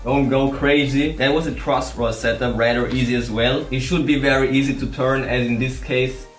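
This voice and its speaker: A man giving a relaxed, chatty guitar setup tutorial at home. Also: medium pitch, moderate pace, echoey room. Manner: relaxed, chatty, laughs at himself. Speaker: guitar vlogger. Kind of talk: casual tutorial.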